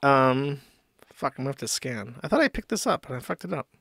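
A man's voice: medium pitch, expressive, fairly quick, vocal fry, fairly bright tone, no room sound, studio quality. A man hosting a casual commentary stream, reading posts aloud with sarcastic mockery. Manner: sarcastic, mocking, reads posts aloud in exaggerated voices. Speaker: streamer host.

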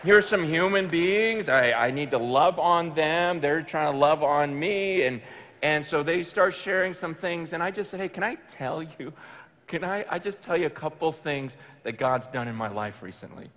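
Male preacher with a high voice, telling a story from the pulpit, animated and emphatic. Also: moderate pace, long reverb tail. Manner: animated, emphatic, with bursts of loud excitement. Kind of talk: storytelling sermon. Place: large room with an audience.

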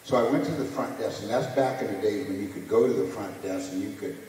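A man telling his story on stage at a low pitch, acting out quoted voices. His voice comes from a distance through a big, echoing hall with a long reverb tail. Faint room ambience sits underneath. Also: quick pace, warm tone, a little hiss or hum. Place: museum hall with audience. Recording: echoey hall, distant mic.

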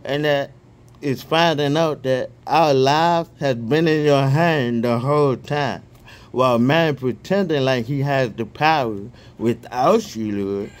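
Slow, fervent man praying and reading aloud. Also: medium pitch. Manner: excitable, stumbles and repeats words; reads punctuation marks aloud. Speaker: online Bible reader.

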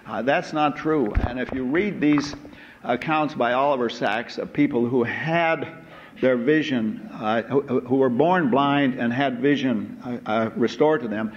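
Man lecturing with many hesitations. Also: mid-range voice. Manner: unhurried, full of "uh" hesitations and asides. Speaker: university lecturer. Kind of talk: university lecture. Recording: dull lo-fi lecture recording with faint noise.

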